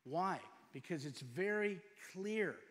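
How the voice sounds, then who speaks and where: A middle-aged man preaching a sermon as pastor, firing off rhetorical questions and moving between loud emphatic lines and quiet storytelling. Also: high voice, expressive, takes it slowly. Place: church sanctuary. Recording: long hall reverb.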